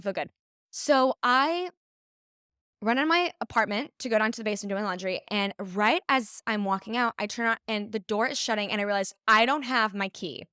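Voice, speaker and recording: A podcast co-host in her twenties, with a fairly high, clean voice, tells a story in a casual chat. She's an animated storyteller who acts out quotes and laughs often, and the recording has studio quality with no echo.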